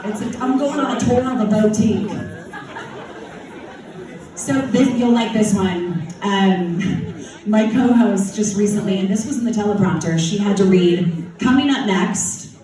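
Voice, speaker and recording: A woman's voice: medium pitch, measured pace. A woman from Utah with a Utah accent, a TV co-host giving a playful talk that quizzes a live audience. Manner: chatty and playful, quizzes the crowd. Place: large hall with an audience. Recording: echoey hall, mic heard from a distance, crowd noise.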